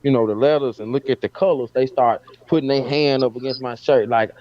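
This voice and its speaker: A man's voice: medium pitch, a little fast, lo-fi sound. A man from Alabama chatting casually as a podcast guest, often repeating words and saying "you know what I'm saying.". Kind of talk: casual chat.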